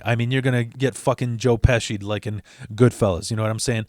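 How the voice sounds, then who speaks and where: A man's voice: medium pitch, little pitch movement, fast, dry recording, clean studio sound. A man telling a story in a casual, rambling, profane way, often restarting and adding asides. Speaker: storyteller host of his channel.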